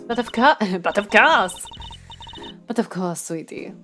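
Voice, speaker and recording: A woman voicing a doting, pompous female prison warden with a put-on vague Russian accent, theatrical and drawn-out. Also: lowish voice, natural voice. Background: game music.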